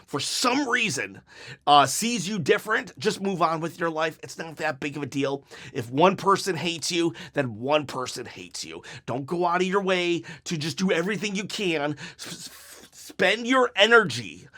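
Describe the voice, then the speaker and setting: A middle-aged man answering viewer questions in a casual vlog, earnest and rambling, with animated bursts. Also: fairly high pitch. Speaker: wrestling YouTuber.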